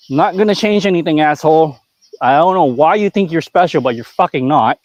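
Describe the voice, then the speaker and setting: A man's voice: on the high side, brisk, no room sound, dull audio. A man who runs a figure store, talking in a blunt, profane, ranting way in a casual live-stream chat.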